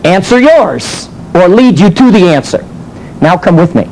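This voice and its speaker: Lively man teaching with rhetorical questions. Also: high voice, unhurried, a little hiss or hum, low-quality recording. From United States. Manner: animated storytelling with rhetorical questions. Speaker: teacher and minister. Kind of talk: teaching sermon.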